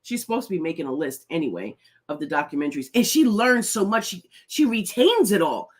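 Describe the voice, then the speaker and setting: A woman's voice: lowish voice, big pitch swings, brisk, slightly rough. A middle-aged woman hosting a casual live stream, chatty and laughing often as she greets viewers by name. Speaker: host.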